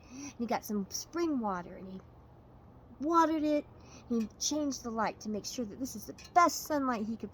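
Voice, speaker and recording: A woman storyteller telling a fable with a moral in an expressive, lively way. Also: a little high, a little hiss or hum, low-quality recording.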